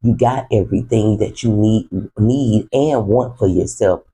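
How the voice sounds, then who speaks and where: A man's voice: fairly low pitch, measured pace, slightly rough, poor audio. A man giving a casual, conversational tarot reading, talking straight to his viewers. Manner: relaxed, conversational, speaks to viewers as "you" and "the collective". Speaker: tarot reader.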